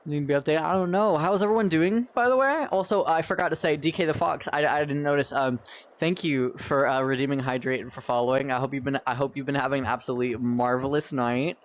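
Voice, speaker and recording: A man's voice: mid-range voice, fast talker. A young man live-streaming, chatting to viewers in a rambling, exasperated way and swearing often as his game keeps failing. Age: young adult. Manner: exasperated, rambling, swears a lot, talks to chat. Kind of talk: live-stream chat while gaming.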